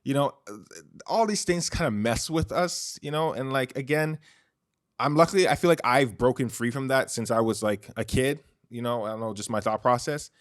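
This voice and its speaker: At a moderate pace and in a mid-range voice, a man riffs through a casual solo episode of his podcast, restarting often and saying "like" and "you know" a lot. The close-miked studio audio is clean and echo-free.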